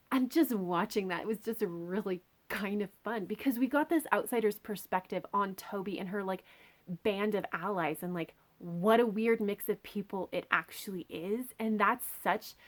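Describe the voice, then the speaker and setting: A woman reviewing a book in a casual, chatty, enthusiastic way, full of filler words. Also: mid-range voice. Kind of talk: casual chat.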